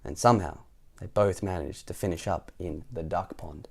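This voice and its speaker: A man's voice: low voice, normal speed, gravelly, a little mellow, breathy edge. Chuckling young man reading a storybook. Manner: chuckling asides between read passages. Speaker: storytime host. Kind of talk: children's storybook read-aloud with commentary.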